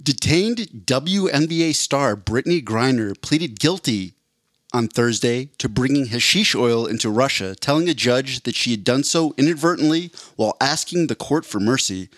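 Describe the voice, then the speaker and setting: A man co-hosting a casual comedy podcast, delivering jokes deadpan and over-explaining punchlines. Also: medium pitch, moderate pace, no echo, clean studio sound. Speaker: podcast co-host.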